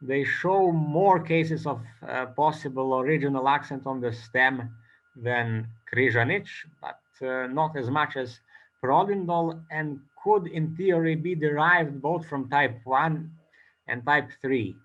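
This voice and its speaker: A man giving an academic conference talk as a presenter, speaking haltingly with many filler pauses. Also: a little high, a bit bright, lo-fi sound.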